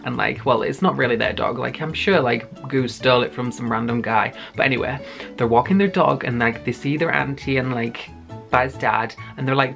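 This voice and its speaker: A man's voice: mid-range voice, fairly quick, gravelly, fairly bright tone, faint music behind. A young man casually recapping a web series, rambling with constant fillers and swearing. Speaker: YouTube reviewer.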